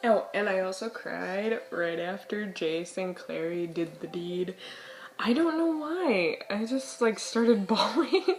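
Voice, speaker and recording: A young woman vlogging about books in casual chat, hoarse and losing her voice, rambling with dramatic outbursts and giggles. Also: medium pitch, animated, takes it slowly. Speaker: book vlogger. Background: soft music.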